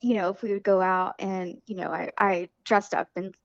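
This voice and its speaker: A woman's voice: mid-range voice, steady tone, moderate pace, creaky, no echo, lo-fi sound. A woman guest talking casually and hesitantly about personal matters, with many fillers and a tearful edge. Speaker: podcast guest.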